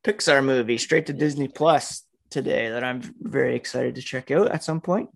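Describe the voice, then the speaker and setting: A man's voice: mid-range voice, moderate pace, creaky. Casual male podcast host, reads ads then chats. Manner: easygoing, chatty. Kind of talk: ad read and casual chat. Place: home with children nearby.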